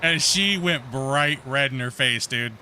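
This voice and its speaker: A man's voice: medium pitch, unhurried, slight background noise. A man hosting a live stream, telling a long rambling story in casual voice chat, full of fillers and restarts. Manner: rambling, animated anecdote with many fillers. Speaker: streamer host.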